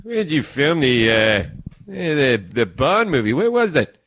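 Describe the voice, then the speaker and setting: Man impersonating an eager older actor, high, halting, over-friendly small talk. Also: very animated, a bit bright, heavily acted.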